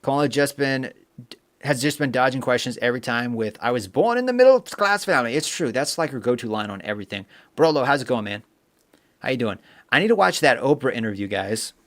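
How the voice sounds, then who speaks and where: A man's voice: medium pitch, brisk, a bit bright. Chatty young man reading comments. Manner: chatty, reads viewer comments aloud, rambling with fillers. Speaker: livestream host. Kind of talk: casual live-stream chat.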